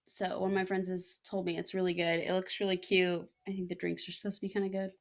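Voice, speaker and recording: A woman's voice: on the low side, level tone, quick pace, creaky. A woman co-hosting a podcast, telling stories in casual chat with lots of "um" and "like". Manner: chatty, many fillers like "um" and "like". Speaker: podcast co-host. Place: living in France.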